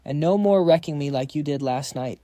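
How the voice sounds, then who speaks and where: A man's voice: on the high side, a little fast, warm tone, dry recording, natural voice. A man reading as a sassy young female coach. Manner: sassy and teasing.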